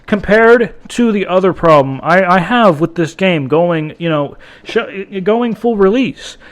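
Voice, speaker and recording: Podcast host, male, high-pitched voice, rambling, profane, keeps restarting his sentences. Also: animated, unhurried. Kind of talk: casual podcast monologue.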